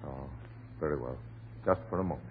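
An actor playing a calm, reassuring doctor in a vintage radio drama, speaking firmly and soothingly. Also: male voice, rumbling low. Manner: soothing, firm, measured. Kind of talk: 1940s radio acting. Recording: tinny old radio recording, faint hiss.

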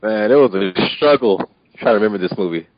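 A man's voice: on the low side, animated, quick pace, highs cut off. A man co-hosting a casual movie review podcast, speaking in a laid-back, slangy way. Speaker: podcast co-host.

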